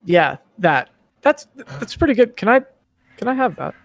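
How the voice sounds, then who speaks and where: Male player, casual, gravelly fry in a raised voice. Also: high voice, big pitch swings, moderate pace, a little hiss or hum. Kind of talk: tabletop game chat.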